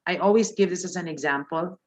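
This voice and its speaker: A woman's voice: fairly low pitch, fairly quick, a little mellow, poor audio. Filipino woman teaching with emphatic "okay?"s. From Philippines. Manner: emphatic, punctuates points with a questioning "okay?". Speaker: IELTS speaking teacher. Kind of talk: live online lesson.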